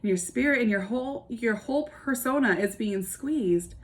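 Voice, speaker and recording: A woman's voice: a little high, animated, moderate pace. Earnest woman giving a devotional. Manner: earnest, searching, asks many rhetorical questions; casual, with restarts and fillers. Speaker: church devotional speaker. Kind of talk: devotional reflection.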